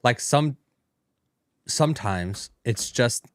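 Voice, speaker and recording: Casting: relaxed male co-host, lowish voice, dry close mic. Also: normal speed, no echo. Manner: easygoing, agreeable backchannels. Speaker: podcast co-host. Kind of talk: casual commentary chat.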